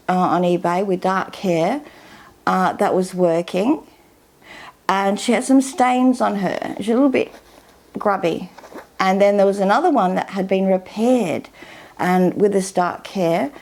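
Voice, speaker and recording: A woman in her sixties talks casually while unboxing something, her voice sitting at an ordinary middle pitch. She rambles along at an easy, unhurried pace with plenty of fillers. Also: a little mellow. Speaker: vlogger.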